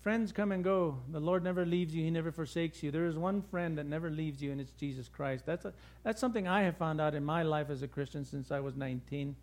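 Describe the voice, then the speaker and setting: A middle-aged male pastor preaching a sermon with lively, conversational storytelling. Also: fairly high pitch, brisk.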